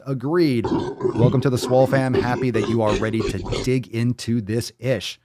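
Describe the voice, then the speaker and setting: A man's voice: medium pitch, fairly even intonation, moderate pace, dark tone, a little hiss or hum. A man hosting a live fitness show, reading out viewer comments and answering questions in a brash, profane, hype-man way. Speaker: fitness podcast host.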